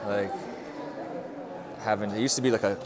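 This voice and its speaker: A man from the United States talking casually to his vlog camera outdoors at a border crossing, slangy and relaxed, with lots of "bro" and "dude". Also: fairly low pitch, normal speed, crowd noise. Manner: slangy and laid-back, peppered with bro and dude. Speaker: vlogger. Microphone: handheld microphone.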